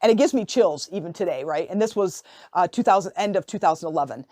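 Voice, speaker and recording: Expressive woman telling a personal story. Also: lowish voice, fast talker, no room sound, clean studio sound. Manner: expressive, lively storyteller with sudden excited rises; conversational with fillers and restarts. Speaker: podcast host and life coach.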